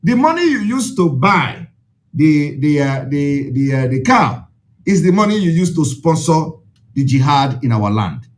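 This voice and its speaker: Emphatic Nigerian man, lively high voice. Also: measured pace. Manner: emphatic, repetitive, preaching. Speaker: activist addressing followers. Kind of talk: impassioned address.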